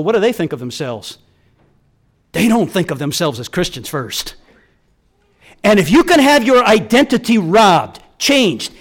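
A man's voice: high-pitched, a bit bright. A middle-aged man preaching a sermon, telling stories and acting out the people in them with big swings in emphasis. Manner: storytelling with quoted voices and wide swings in emphasis.

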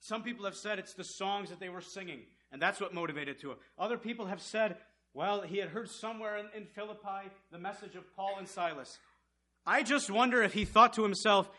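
A man with a high-pitched, brisk voice preaches a sermon, swinging between loud, passionate outbursts and hushed, intense storytelling.

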